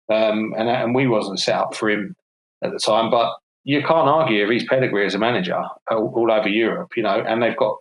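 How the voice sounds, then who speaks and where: A man with a London accent talks football in a loose, opinionated way. His pitch sits in an ordinary middle range, and he laughs easily between points. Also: echoey room, low-quality recording. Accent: London English. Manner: chatty, opinionated, laughs often. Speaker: podcast co-host. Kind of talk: casual football chat.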